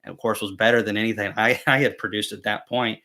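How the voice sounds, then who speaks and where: A man's voice: fairly low pitch, steady tone, fast talker, pushed and bright. A young man hosting a casual beekeeping live chat, telling rambling, self-deprecating stories with many fillers and restarts. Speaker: beekeeping channel host.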